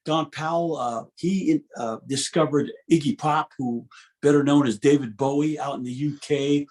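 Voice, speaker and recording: A man's voice: on the high side, moderate pace. A man in his fifties, a guest musician, telling stories in an interview with frequent restarts and laughs. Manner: animated, restarts often, laughs between stories. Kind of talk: interview storytelling.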